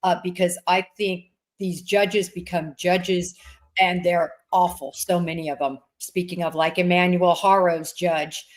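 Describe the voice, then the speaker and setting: A woman hosting a casual interview about a trial, talking in halting bursts with frequent restarts. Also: lowish voice, fairly even intonation. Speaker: host, former FBI agent.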